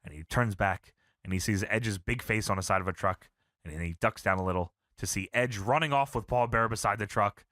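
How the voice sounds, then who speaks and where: A man's voice: fairly low pitch, a little fast, dry recording, clean studio sound. A man co-hosting a podcast, telling a wrestling recap in a casual, profane, laughing way. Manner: animated, profane, laughing storyteller. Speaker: podcast co-host.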